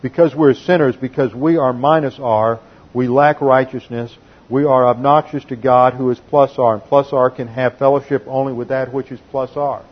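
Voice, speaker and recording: A man's voice: mid-range voice, fairly even intonation, moderate pace, lo-fi sound. Man preaching a methodical Bible lesson. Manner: methodical teaching, reads scripture quotes aloud. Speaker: pastor. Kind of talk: sermon.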